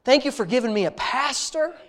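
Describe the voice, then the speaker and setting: A man's voice: extremely high pitch, lively intonation, fairly quick, fairly bright tone. A man leading a congregation in spontaneous, heartfelt prayer, talking in an intimate, conversational way and repeating phrases of praise. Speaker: prayer leader.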